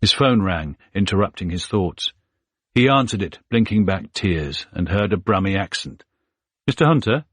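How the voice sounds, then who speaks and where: A man narrating a thriller audiobook in a steady, measured way. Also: sits low, no echo, studio quality. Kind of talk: scripted narration.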